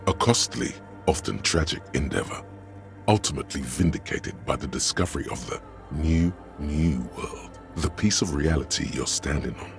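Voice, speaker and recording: Super deep slow game narrator, grave storyteller vibe, bit of music behind. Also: male voice. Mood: solemn. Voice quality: very deep and measured. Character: grave, solemn male storyteller of legend. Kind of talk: scripted narration.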